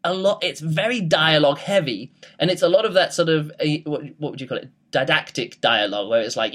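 A man's voice: fairly high pitch, expressive, brisk, a bit bright. A man talks through his thoughts on a book in an easygoing, unscripted way. He rambles, trails off and restarts, filling the gaps with ums and you-knows. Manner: rambling, with frequent fillers and restarts. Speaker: book reviewer. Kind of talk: casual spoken book review.

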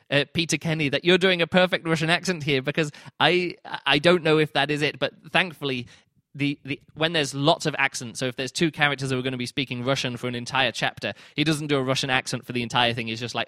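Bright-voiced chatty man reviewing a book. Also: mid-range voice, fast talker, no echo, studio quality. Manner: chatty, acts out his own reactions in quoted asides. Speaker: podcast host reviewing books. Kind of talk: casual spoken book review.

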